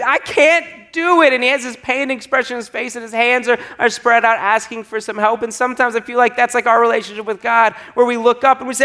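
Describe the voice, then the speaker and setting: A man's voice: on the high side, a bit bright. Young male pastor preaching a streamed sermon; earnest, encouraging, repeats key lines, light music bed.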